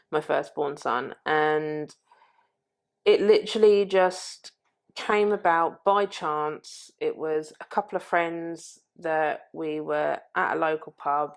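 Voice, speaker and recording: A woman's voice: deep voice, vocal fry. A woman, a podcast guest, telling her own story in a candid, blunt way and swearing freely. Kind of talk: frank personal storytelling.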